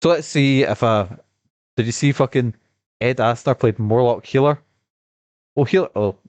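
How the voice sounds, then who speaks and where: A man streaming and chatting about a game he has just finished, rambling and swearing with lots of excitement. His voice sits at an ordinary mid pitch and has a slight cough. The sound is close and dry. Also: normal speed, no echo. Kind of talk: casual gaming stream commentary.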